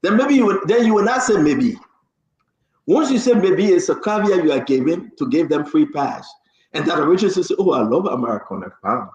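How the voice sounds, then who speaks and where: A man's voice: high voice, expressive, normal speed, a little mellow, roomy sound, highs cut off. A man hosting a talk show, blunt and teasing.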